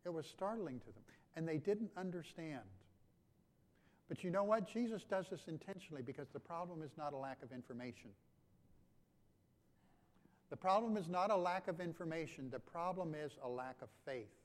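A man preaching a sermon as pastor, dropping to quiet lines and then rising to loud, emphatic ones, often repeating his phrases. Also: fairly high pitch, animated, fairly quick.

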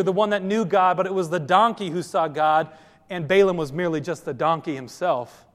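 A man pastor giving a sermon, telling the story in a lively way and speaking straight to his listeners. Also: a little high. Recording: long hall reverb.

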